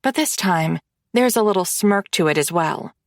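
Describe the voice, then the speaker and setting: A woman narrating a first-person romance audiobook in an expressive, wry manner on a close microphone. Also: fairly low pitch, moderate pace, dry recording.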